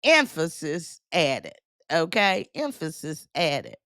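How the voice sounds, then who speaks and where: A woman with a gravelly, creaky edge to her voice reads a legal order slowly, her pitch swinging widely as she breaks into sassy asides. The sound is close and dry, with no room around her. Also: expressive, a bit bright, no room sound. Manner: laughs between passages. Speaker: news commentator. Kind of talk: reading and commenting on a court order.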